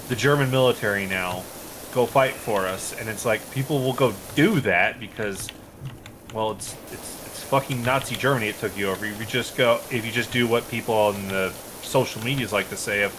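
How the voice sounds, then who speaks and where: A man rambles through his opinions in casual stream chat, cursing freely. His pitch sits in a middle range. Steady background noise sits under the voice. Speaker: streamer co-host. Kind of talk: casual chat while gaming.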